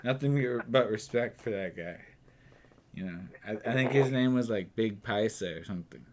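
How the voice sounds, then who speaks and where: Podcast dude, lowish voice, stumbles and restarts a lot, crude talk. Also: male voice, expressive, background noise. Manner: halting, crude, lots of fillers and restarts. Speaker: podcast co-host. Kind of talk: casual podcast chat.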